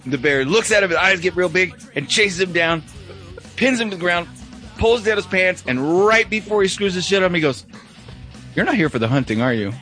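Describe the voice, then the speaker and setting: Bright-voiced man telling a joke. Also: sits high, a little fast, soft background music. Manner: laid-back joke telling. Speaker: podcast host. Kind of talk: casual podcast banter.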